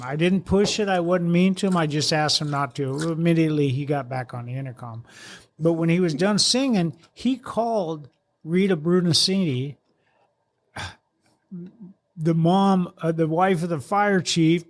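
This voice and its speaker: A man's voice: on the high side, moderate pace. A man and retired fire officer telling stories in a casual chat, rambling and restarting as he goes. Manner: animated, rambling storyteller with restarts.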